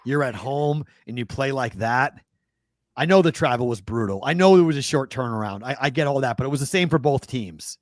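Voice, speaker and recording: A man's voice: medium pitch, expressive, brisk, no echo. A man with a Boston accent co-hosting a sports betting talk show, casually talking through games, thinking aloud and correcting himself.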